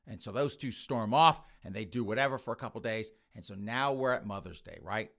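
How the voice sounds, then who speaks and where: A podcast host telling a crude comic story in a brash, rambling way. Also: male voice, fairly low pitch, a little fast, few pauses, a bit bright.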